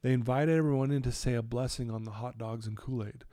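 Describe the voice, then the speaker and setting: A man's voice: mid-range voice, quick pace, no echo, clean studio sound. A man telling his personal story in an interview, acting out what people said. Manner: animated storytelling, acts out quotes. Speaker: guest.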